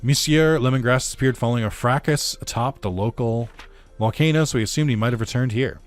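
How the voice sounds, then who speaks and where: Prim little fairy loan agent, brisk and proper, voiced by a man in a game playthrough. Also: medium pitch, soft background music, natural voice. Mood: prim, businesslike. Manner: prim, businesslike, quick formal phrasing. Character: small formal fairy loan collector.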